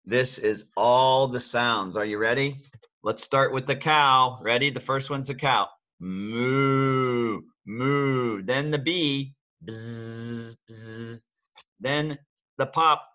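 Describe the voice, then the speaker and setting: A man's voice: medium pitch, unhurried, pushed and bright, lo-fi sound. An older man, a grandfather, reading a bedtime story aloud to his grandchildren and playfully coaxing them to copy the sound effects.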